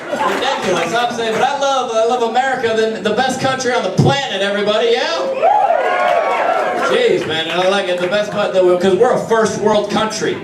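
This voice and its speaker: A man's voice: high-pitched, brisk. A male stand-up comedian on stage, riffing sarcastically. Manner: mocking, sarcastic riffs. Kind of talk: stand-up set. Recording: distant mic in a roomy hall, loud crowd. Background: loud audience laughter and noise.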